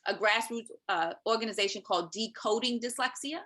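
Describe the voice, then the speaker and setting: A woman guest on a podcast, telling a personal story in a lively way and checking in with the listener with "right?". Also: on the high side, fairly quick. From Maryland, US. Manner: animated, acts out quoted speech, often adds "right?". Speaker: podcast guest, parent advocate.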